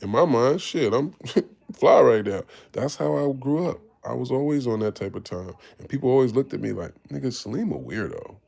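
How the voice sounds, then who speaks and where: A man's voice: mid-range voice, lively intonation, moderate pace, vocal fry, darkish tone. A man, telling his life story in casual talk, candid and profane, acting out the voices of people he quotes. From Harlem, New York. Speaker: podcast host.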